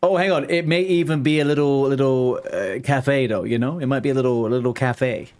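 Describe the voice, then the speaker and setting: A man's voice: medium pitch, fairly quick, a little mellow. A young man chatting loosely with his stream chat while gaming, rambling and swearing casually. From England.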